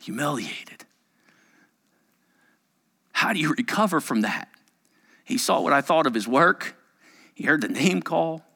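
A middle-aged man preaching a sermon, animated and acting out the voices of the people he quotes. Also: on the high side, measured pace, gravelly, long pauses. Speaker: pastor.

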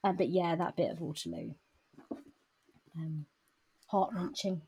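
A woman co-hosting a book podcast, chatting casually and reading passages in a soft whisper. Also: on the low side, steady tone, measured pace, breathy edge, muffled recording. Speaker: podcast co-host.

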